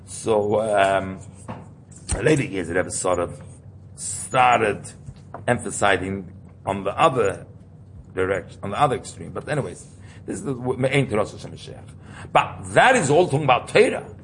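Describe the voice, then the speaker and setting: A man's voice: fairly low pitch, lively intonation, moderate pace, pauses often, fairly bright tone, slight background noise. A man teaching an informal Torah class, explaining ideas while he thinks aloud and repeats key terms.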